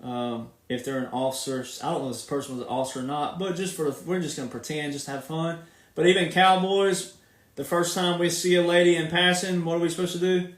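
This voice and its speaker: In an echoey room and away from the microphone, a Southern commentator speaks a little fast, his fairly high voice staying mostly even in intonation. His casual monologue is emphatic and repetitive, with words stretched out as he argues his points.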